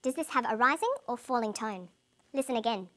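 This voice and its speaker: A woman narrating a scripted English lesson, explaining clearly and plainly. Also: on the high side, expressive, brisk, a bit bright. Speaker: English teacher.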